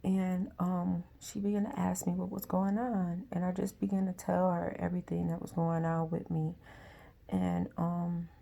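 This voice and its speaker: A woman telling a personal story in a soft, halting way, with frequent pauses and moments that sink to a near whisper. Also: on the low side, little pitch movement, creaky. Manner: often drops to a near whisper. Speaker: vlogger.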